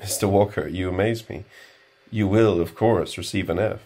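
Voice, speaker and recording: A man's voice: sits low, moderate pace, darkish tone, a little hiss or hum, close to an everyday voice. A man doing a cold, weary professor. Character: weary, stern middle-aged male professor.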